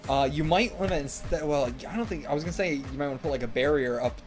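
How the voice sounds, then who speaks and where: A man hosting a casual manga reaction, excitable, swearing and shouting encouragement at the page. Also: on the high side, fast, soft background music. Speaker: anime reaction host.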